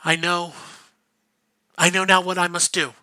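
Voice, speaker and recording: A man doing a soft, grave young priestess. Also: high voice, little pitch movement, measured pace, dry recording, voice pushed up, exaggerated voice. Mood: solemn. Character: weary young woman priestess, solemn.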